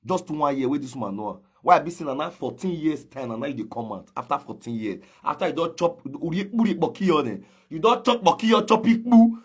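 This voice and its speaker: A man's voice: on the high side, sing-song, fairly quick, hardly any pauses, breathy edge. A man with a Nigerian Pidgin English accent, confronting someone in a heated gossip commentary. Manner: confrontational, calls out and challenges directly. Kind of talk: ranting social media commentary.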